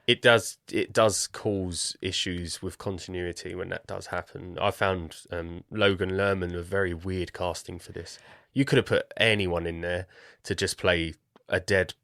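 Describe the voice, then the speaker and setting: Man, low voice, laid-back, dry remarks, podcast co-host, dry sound. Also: steady tone, measured pace, fairly bright tone, no echo. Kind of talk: casual film review chat.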